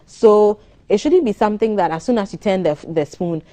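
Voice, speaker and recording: A woman, a doctor giving measured advice on a morning TV show. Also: medium pitch, animated, mellow. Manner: explanatory, measured, advisory. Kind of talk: studio interview on a morning TV show.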